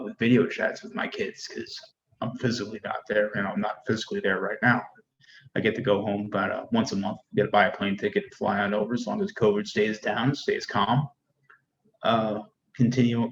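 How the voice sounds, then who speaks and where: Man, middle-aged, low voice, candid, rambling, lo-fi sound, faint hiss. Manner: candid, rambling, with repeated restarts. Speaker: Army first sergeant, guest. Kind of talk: casual conversation. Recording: dull, lo-fi sound with faint noise.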